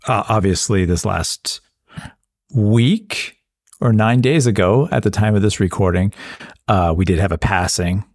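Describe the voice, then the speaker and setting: Husky low-voiced man, relaxed podcast chat. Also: measured pace, no room sound, studio quality. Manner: relaxed, hesitant with many fillers. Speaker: podcast co-host.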